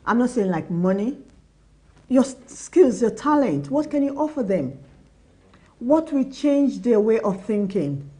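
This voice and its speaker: Woman, young adult, warm mellow tone, earnest motivational business talk, repeats her points. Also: fairly high pitch, big pitch swings, a little slow. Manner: earnest, repetitive advice, acts out quoted dialogue. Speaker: business talk show host.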